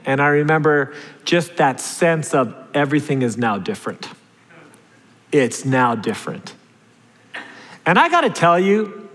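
Middle-aged guy preaching, telling stories on himself, kinda high voice, big echoey hall. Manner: conversational, self-deprecating storytelling with laughs. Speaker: pastor. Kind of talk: sermon with personal stories. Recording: long hall reverb.

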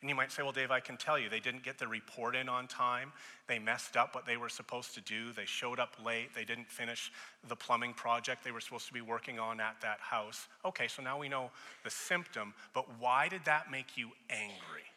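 Man, 30s, pastor, conversational sermon, acts out quoted voices, very bright tone, long church reverb. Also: medium pitch, steady tone, fairly quick. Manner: conversational preaching, acting out quoted voices and rising loud in stories. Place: church sanctuary.

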